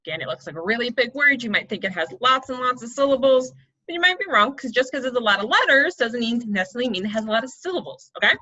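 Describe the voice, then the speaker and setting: This young woman speaks quickly in a high-ish, expressive voice with a sharp edge, guiding children through a poetry lesson online. She walks them through it step by step, encourages them, and keeps asking "right?" or "okay?" The audio is dull and lo-fi.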